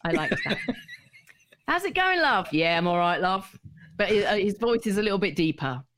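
Woman, middle-aged, radio DJ, rambling anecdotes, slightly low voice. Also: fairly quick, a little hiss or hum. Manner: rambling and chatty, many restarts, laughs easily. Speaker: radio DJ, guest. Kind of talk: casual anecdotal chat.

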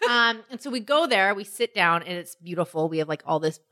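A woman co-hosting a casual chat, telling stories in an animated way, swearing freely and acting out what people said. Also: fairly low pitch, fairly quick. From Canada.

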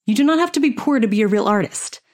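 Candid, cursing actor giving a pep talk. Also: female voice, fairly high pitch, animated, fast talker, darkish tone. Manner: candid, profane and wry. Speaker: actor and coach. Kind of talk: motivational talk.

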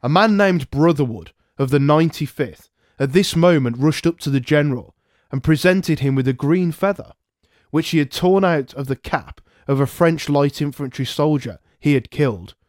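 A man narrating a historical memoir aloud, in a measured first-person storytelling manner. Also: on the high side, darkish tone, no room sound, clean studio sound. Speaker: podcast narrator.

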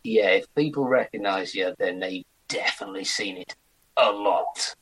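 A man in his forties, an actor chatting as an interview guest in an animated way. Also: fairly low pitch, moderate pace, husky, poor audio. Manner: chatty, animated, slips into mock accents. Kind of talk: casual interview chat.

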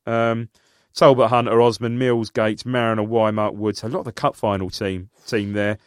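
A man co-hosting a podcast, chatting casually and excitably, often calling his partner "mate". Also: lowish voice, moderate pace, clean tone, dry recording, clean studio sound. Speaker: podcast co-host. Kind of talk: casual chat.

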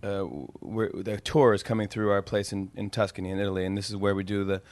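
A man, a comedian and TV host, telling animated stories and laughing often in a casual interview. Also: on the low side, fast, no room sound.

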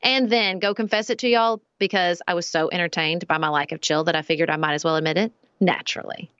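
A woman co-hosting a podcast, chatting in an animated, playful way. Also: fairly low pitch, fast, clean tone, dry recording, dull audio. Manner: animated, playful, puts on voices when quoting. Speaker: podcast co-host. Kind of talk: casual chat.

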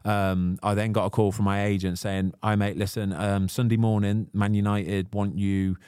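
A man's voice: fairly low pitch, moderate pace, clean tone, no echo, studio quality. A man, a guest on a podcast, telling stories in a chatty, slangy way. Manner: chatty storyteller, lively, slangy. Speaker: guest footballer. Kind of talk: casual podcast chat.

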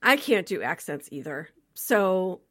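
A woman co-hosting a film podcast in casual chat, animated and laughing, with many fillers. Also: on the low side, a little slow. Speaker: podcast co-host reviewing a film.

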